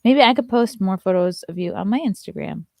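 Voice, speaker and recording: A woman's voice: medium pitch, brisk, vocal fry, a little mellow, dry recording, clean studio sound. A woman comedian hosting a casual morning show, chatting loosely and reading viewer comments, sometimes slipping into sing-song baby talk with her dog.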